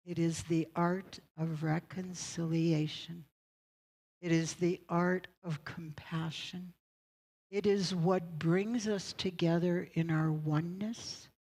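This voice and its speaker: A woman voicing a reflective man who speaks quietly and earnestly. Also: fairly low pitch, fairly even intonation, slow. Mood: awed. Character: reflective adult man, earnest aikido student.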